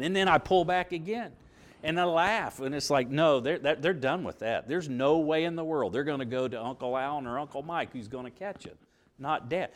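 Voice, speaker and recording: A middle-aged man teaching a Bible lesson in sermon style, asking rhetorical questions and acting out quoted voices. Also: a little high. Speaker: preacher teaching a Bible class.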